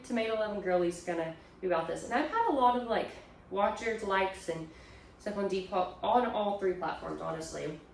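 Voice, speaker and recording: A woman's voice: mid-range voice, slight background noise. A young woman chatting casually as she shows off her thrift haul, talking from a distance in a room at home, trailing off with fillers as she sorts items. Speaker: reselling vlogger, stay-at-home mom. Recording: very echoey room, off the mic.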